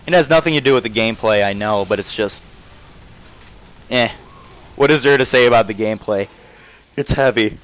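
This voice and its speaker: Young man, casual game commentary, self-interrupting, trails off, clean smooth voice. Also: lowish voice, fairly quick, pauses often, fairly bright tone, rough recording. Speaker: gameplay commentator.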